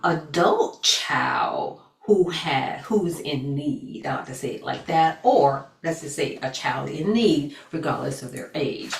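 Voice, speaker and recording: A woman's voice: sits low, creaky, echoey room, recorded from a distance. A woman who founded a self-care academy, giving an earnest motivational talk and repeating phrases for emphasis.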